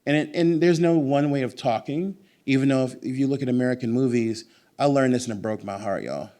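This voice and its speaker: A man with a mid-range voice speaks as the guest author at a bookstore event. He is animated and emphatic, and his answers wander into long, lively digressions. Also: medium pitch, fairly quick.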